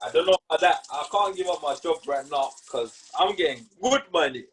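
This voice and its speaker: A young man co-hosting a casual podcast chat, teasing and joking with loud laughs. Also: fairly high pitch, animated, a little fast, breathy edge. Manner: teasing, jokey, laughs loudly. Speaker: podcast co-host.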